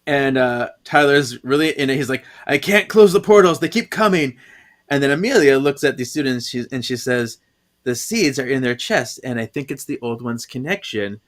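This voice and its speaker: A man hosting a casual podcast recap who laughs a lot and throws himself into the quoted lines. His voice is medium in pitch. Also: moderate pace, a bit bright. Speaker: podcast host.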